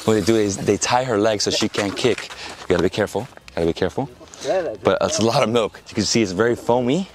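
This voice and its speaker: A man making a casual, excited travel vlog outdoors at a camel farm, gasping and exclaiming as he films. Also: lowish voice, quick pace, background noise. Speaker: travel vlogger.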